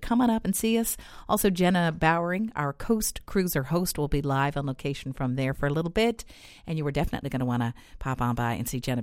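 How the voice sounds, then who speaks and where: A woman's voice: deep voice, a little mellow, no echo, studio quality. A woman radio host, chatty and enthusiastic as she plugs events. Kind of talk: upbeat radio announcements.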